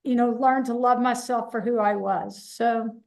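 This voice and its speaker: A woman's voice: a little high, steady tone, unhurried, gravelly, a little mellow, low-quality recording. A woman on a panel telling a personal story in a candid, conversational way. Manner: candid, conversational, repetitive restarts.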